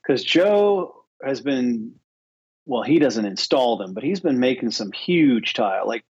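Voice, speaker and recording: A man's voice: medium pitch, sing-song, a little slow, slightly rough, highs cut off. A man co-hosting a podcast in easygoing, rambling casual chat, agreeable and loose. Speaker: podcast co-host.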